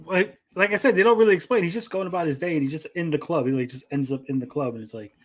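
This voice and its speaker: A man hosting a casual podcast chat, swearing freely and retelling scenes with quick quoted voices. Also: on the high side. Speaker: podcast host.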